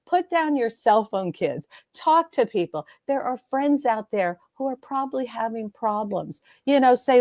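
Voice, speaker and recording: A middle-aged woman guest who talks fast and bubbly, laughing often as she tells stories in a lively interview chat. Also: on the high side, no echo, studio quality. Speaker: guest speaker.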